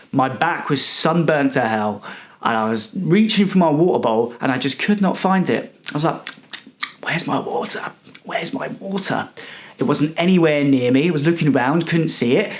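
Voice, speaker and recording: A young man telling a rambling, self-righteous comic story in a deadpan, indignant manner. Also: a little high. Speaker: comedic character monologue performer.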